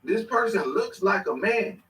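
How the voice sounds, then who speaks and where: Animated slangy man streaming, echoey room. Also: high-pitched, a little slow. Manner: animated, rambling, slangy, laughing. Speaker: streamer reacting to clips. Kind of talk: casual reaction commentary. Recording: echoey room, mic at a distance.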